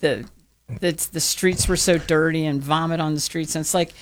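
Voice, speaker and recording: A woman's voice: low-pitched, moderate pace. An American woman co-hosting a talk show, chatting casually and acting out the stories she tells. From United States. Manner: animated storyteller, acts out quotes. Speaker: talk radio co-host. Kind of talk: casual chat.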